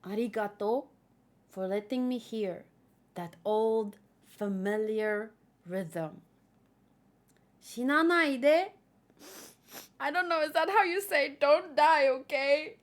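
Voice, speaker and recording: High-pitched woman reading manga aloud, slow and chatty, gets all emotional. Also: lively intonation. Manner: chatty and emotional, gushing reactions. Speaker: manga read-along host. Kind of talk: casual comic read-aloud with commentary.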